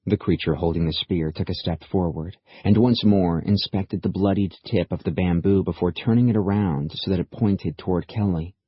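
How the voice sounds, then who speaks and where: A man narrating an audiobook in steady, measured storytelling, in a dry, slightly dull recording. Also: low voice, slightly rough, no echo. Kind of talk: scripted narration.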